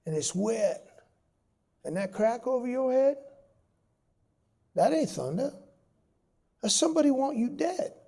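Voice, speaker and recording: A man puts on a grizzled older SEAL instructor with a deep Southern drawl. He sounds folksy, then menacing, with a raised, forceful voice that climbs high. His manner is that of a hard-bitten military veteran. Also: breathy edge, heavily acted. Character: gruff older male SEAL instructor with a limp.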